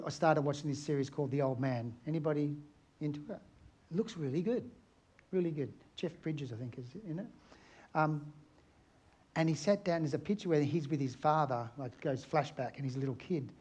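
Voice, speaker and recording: A middle-aged Australian aerial photographer tells stories at a photography conference before a live audience. His brisk, darkish voice sits a little high, and his chatty, anecdotal talk includes questions to the crowd.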